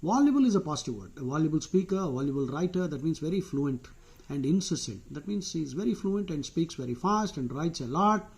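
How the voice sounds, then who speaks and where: An Indian man giving a relaxed vocabulary lesson with a slightly higher voice than most men. He talks conversationally, drifts into side remarks and fills pauses with "uh". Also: slightly rough. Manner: digressive, chatty, frequent "uh" fillers. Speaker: vocabulary teacher. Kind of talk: casual explanatory lesson.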